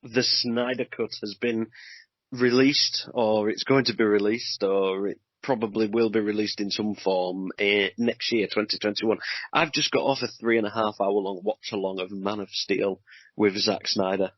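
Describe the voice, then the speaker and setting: A man's voice: lowish voice, fairly even intonation, normal speed, dry recording, highs cut off. Teasing man hosting a podcast. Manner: teasing, jokey. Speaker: podcast host. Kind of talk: casual chat.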